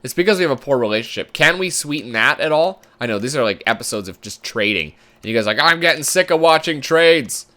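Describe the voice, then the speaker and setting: A man's voice: mid-range voice, lively intonation, fast talker, hardly any pauses, pushed and bright. A man giving casual commentary while playing a sports management game, thinking aloud in a chatty way. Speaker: gamer commentator.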